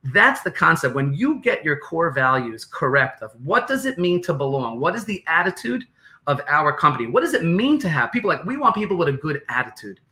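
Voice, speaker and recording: Pitched on the high side and talking a bit quickly, a New Yorker appears as a podcast guest, animatedly explaining business concepts while repeating lines and dramatizing quotes.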